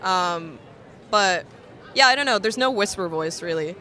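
A bright, clear-toned woman from Russia speaks with an American accent. She chats frankly and laughs easily in a casual street interview. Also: mid-range voice, animated, unhurried, a faint crowd.

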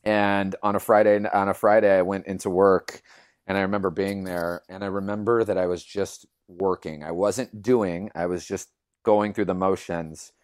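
Low-voiced man telling a personal story. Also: normal speed, no echo, clean studio sound. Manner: earnest and animated, acts out quoted voices, many fillers. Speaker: guest, yoga teacher.

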